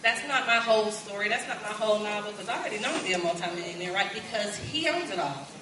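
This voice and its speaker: Brief: woman pastor, 40s, Kentucky accent, lively and folksy, noisy hall recording. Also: mid-range voice, quick pace. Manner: lively, folksy, calls out to the crowd. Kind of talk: conference sermon. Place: large conference hall. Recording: echoey hall, distant and noisy.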